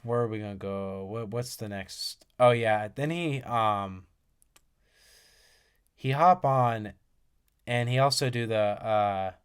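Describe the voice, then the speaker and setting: A young man giving casual, excitable commentary, often swearing and swinging from loud bursts to quiet mumbles. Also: fairly low pitch, slow pace, long pauses, smooth. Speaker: commentator reacting to music. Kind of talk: casual commentary reading lyrics aloud.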